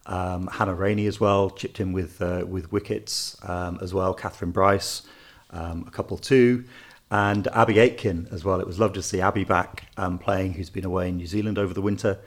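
A man co-hosting a cricket podcast in a relaxed chat, hesitant, with many fillers and restarts. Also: low-pitched, normal speed. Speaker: podcast co-host. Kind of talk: casual sports chat.

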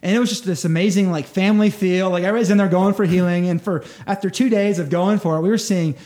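A man telling stories as an interview guest, in an eager, halting way with many restarts. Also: sits high, fairly even intonation, a little mellow. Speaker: missionary guest. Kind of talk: interview storytelling.

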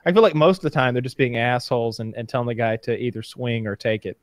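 A man chatting casually on a podcast, recounting TV episodes with animated, excited storytelling. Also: fast talker, no room sound. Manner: animated storytelling, rising in pitch when excited. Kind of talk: casual chat.

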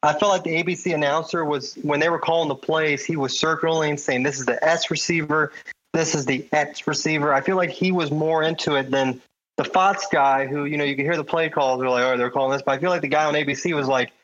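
Enthusiastic sports fan, voice a bit high, muffled lo-fi sound. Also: male voice, steady tone, fairly quick, fairly bright tone. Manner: enthusiastic opinions. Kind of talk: casual sports chat. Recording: dull lo-fi sound.

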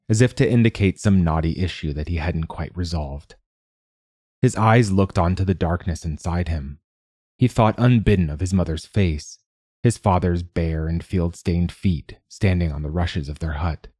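A man narrates a story in a measured, steady reading voice. His voice is very deep and dark. The recording is close and dry. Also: no echo. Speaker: audiobook narrator. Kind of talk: scripted narration.

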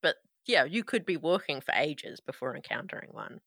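Bright-voiced woman game master. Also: sits low, normal speed, gravelly, no echo, studio quality. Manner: relaxed, laughs easily. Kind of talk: narrating a tabletop game.

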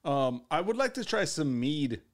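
A man's voice: fairly high pitch, sing-song, normal speed. A young man co-hosting a podcast in casual banter, joking and rambling with frequent laughs. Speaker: podcast co-host.

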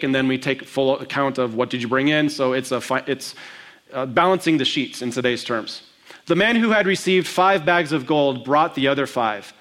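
A man preaching a sermon, asking the congregation questions and acting out the lines of the parable with slow, stressed delivery. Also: on the high side. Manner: expressive preaching, acting out quotes with slowed emphasis. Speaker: pastor.

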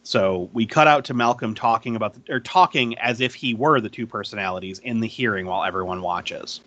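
A man hosts a podcast and walks through a film's plot in loose, chatty talk, swearing casually and laughing often. His voice is bright and forward. The recording is dry and a little dull and lo-fi. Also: lowish voice, brisk, no room sound. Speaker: podcast host recapping a movie. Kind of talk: casual chat.

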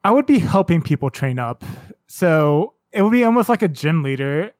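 Easygoing man in his twenties, slightly high. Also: very animated, normal speed, a little mellow, no echo. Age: 20s. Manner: easygoing, thinking aloud, swears casually. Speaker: podcast co-host. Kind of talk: casual podcast chat.

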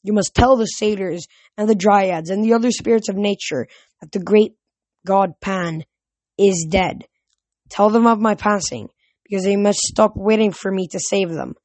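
A woman voicing an ancient, fading nature god who speaks slowly and solemnly. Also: medium pitch, a little mellow, dry recording, natural voice. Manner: slow, solemn, forlorn.

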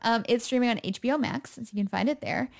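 A woman's voice: fairly high pitch, fast talker, vocal fry. A young woman co-hosting a podcast in casual chat, laughing often as she talks. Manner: giggly, animated, laughs often. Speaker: podcast co-host.

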